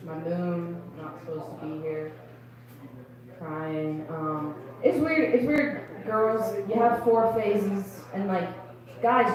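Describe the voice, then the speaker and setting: A woman's voice: mid-range voice, very echoey, distant mic, low-quality recording. A young woman doing chatty, confiding stand-up comedy at an open mic in a club. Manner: chatty, confiding, quick asides.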